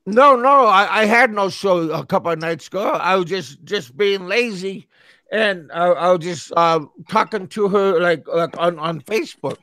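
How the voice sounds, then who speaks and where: This is a male show host with a high voice, telling a story casually and stammering, repeating his words again and again. The sound is dry and close, with no room around it. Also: normal speed, sharp tone, dry recording. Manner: talks back to chatters who interrupt him.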